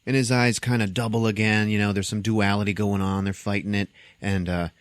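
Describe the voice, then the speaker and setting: A deep-voiced man tells a movie plot in a loose, comedic way and acts out the characters. He is recorded close and dry, with no room sound. His delivery is animated and conversational. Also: a little fast, smooth, dry recording. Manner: animated storytelling, acting out scenes. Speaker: podcast host. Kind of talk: casual comedic movie recap.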